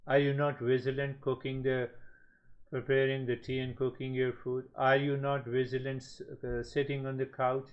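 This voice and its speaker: A man giving a spiritual talk as a teacher, speaking slowly in measured, repetitive phrases. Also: mid-range voice, level tone. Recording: slightly dull lo-fi sound.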